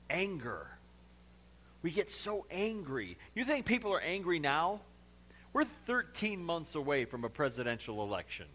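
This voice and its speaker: A man's voice: on the high side, big pitch swings, normal speed, fairly bright tone. A man preaching a sermon in a conversational way, with humorous asides. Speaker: pastor.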